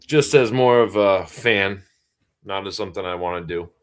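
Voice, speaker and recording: A middle-aged man from the Boston area, US, co-hosts a livestream in a low, clear, resonant voice at a moderate pace. His easygoing chat rambles and is packed with fillers.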